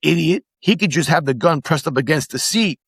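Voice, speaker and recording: A middle-aged man, a podcast guest, casually telling animated stories, acting out the quotes and swearing freely. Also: a little high, a little fast, creaky, husky, no echo. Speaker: podcast guest, former immigration officer. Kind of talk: casual storytelling in conversation.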